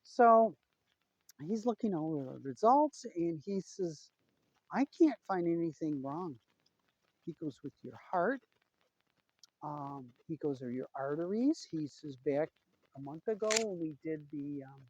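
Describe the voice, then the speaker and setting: A woman's voice: on the low side, darkish tone, no echo, highs cut off. Chatty middle-aged woman telling a story. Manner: chatty, retells conversations with lots of "he goes". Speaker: vlogger. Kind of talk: casual personal update.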